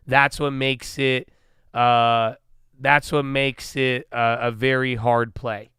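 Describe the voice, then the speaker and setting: Bright, crisp-voiced man on a livestream. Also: mid-range voice, slow, no echo, studio quality. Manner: animated, swearing, acts out his own inner dialogue. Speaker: livestream host. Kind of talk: casual livestream chat.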